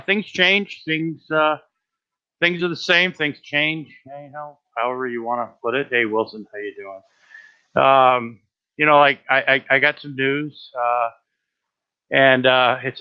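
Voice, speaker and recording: A man from Rhode Island, hosting a rambling live stream and a little out of breath, swearing and stammering through filler words. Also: medium pitch. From Rhode Island, USA. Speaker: livestream host. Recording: dull lo-fi stream audio.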